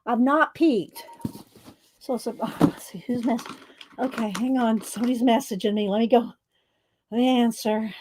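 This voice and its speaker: A woman's voice: on the high side, fairly even intonation, moderate pace, long pauses, background noise. A woman chatting casually on a livestream, short of breath and exclaiming as she reads viewer comments. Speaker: livestream host.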